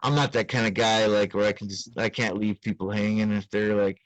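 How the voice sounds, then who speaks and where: A man's voice: on the low side, fairly even intonation, brisk, no echo. A man hosting a casual talk show, joking around, laughing often and acting out other people's voices. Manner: jokey, laughs often, acts out quoted voices. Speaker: podcast host. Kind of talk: casual chat.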